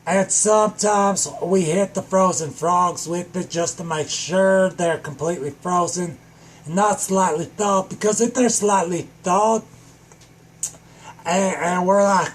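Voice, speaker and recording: Manic, high-voiced man ranting. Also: a little slow, slightly rough. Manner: manic, rambling, bursts into shouting. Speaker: comedic vlogger. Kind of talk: improvised comedy rant.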